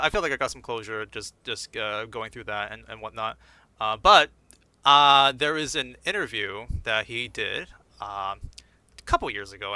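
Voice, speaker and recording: A man's voice: medium pitch, sharp tone, no echo. A man hosting a casual podcast chat, laughing often and restarting his sentences. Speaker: podcast host.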